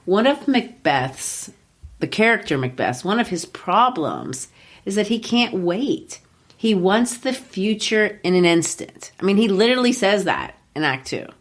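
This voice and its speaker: A woman hosting a literature podcast and explaining in a lively, teacherly way, with frequent "you know.". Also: medium pitch, a little slow.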